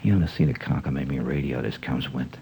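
A man voicing a sly, fast-talking male car salesman who confides in a wheedling, conspiratorial patter. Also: rumbling low, gravelly, mellow, a little hiss or hum, voice pushed down, low-quality recording.

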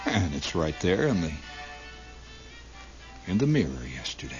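A man's voice: sits low, sing-song, measured pace, soft background music, poor audio. A man comedian telling a rambling, mock-grand comic story and acting out the people in it. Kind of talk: stand-up storytelling monologue.

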